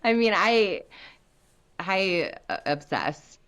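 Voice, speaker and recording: A woman's voice: on the low side, big pitch swings, slow, crowd noise. An American woman author talking animatedly as a guest on a podcast, laughing often. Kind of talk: podcast interview.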